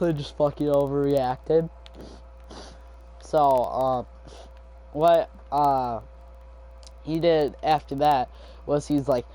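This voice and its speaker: A man's voice: mid-range voice, steady tone, slow pace, mellow. A young man telling a school story in a casual vlog, rambling with lots of swearing and fillers.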